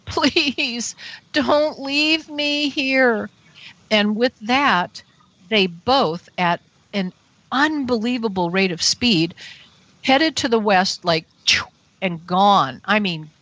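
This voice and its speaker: A woman's voice: medium pitch, a bit bright, dry recording. A woman guest on a radio interview show, telling a personal story earnestly and breathlessly. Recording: dull, dry radio show audio.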